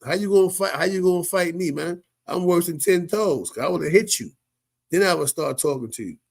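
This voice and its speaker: A man's voice: high voice, brisk, creaky. A man giving casual, slangy commentary as a show host, often laughing and asking "you know what I mean". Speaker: show host reacting to viral clips.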